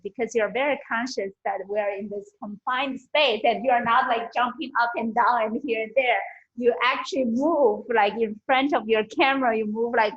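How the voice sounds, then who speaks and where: A woman giving a friendly, halting speech evaluation at an online club meeting, with many fillers, over a video call. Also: fairly high pitch, a bit bright, husky. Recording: dull lo-fi video call audio.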